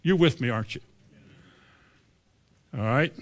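A man's voice: on the high side, expressive, a little slow, pauses often. A man, preaching a sermon with emphatic rises on key lines and quoting scripture. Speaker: pastor.

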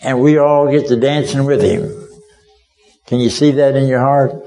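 A man's voice: medium pitch, gravelly, darkish tone, rough recording. A man preaching a sermon as a vivid story, speaking as a witness and asking his listeners directly whether they can see it.

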